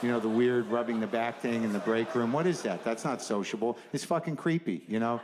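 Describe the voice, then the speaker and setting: A middle-aged man works a live stand-up set on stage, his talk rambling and neurotic, full of self-deprecating asides. He sits at an ordinary pitch for a man. A faint room hum runs under his voice. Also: fairly quick. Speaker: stand-up comedian. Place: comedy stage before a live audience.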